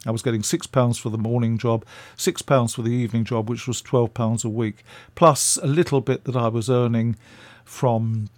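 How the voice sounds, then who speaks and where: A man's voice: mid-range voice, fairly even intonation, moderate pace, darkish tone, no room sound. An older man from England, a radio interview guest, telling chatty stories with fillers.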